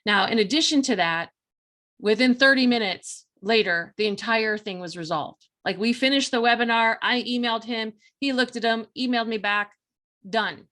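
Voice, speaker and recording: A woman hosting a talk show, telling a personal story in a chatty, animated way, full of fillers and quoted self-talk. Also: on the high side, normal speed. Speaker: podcast host.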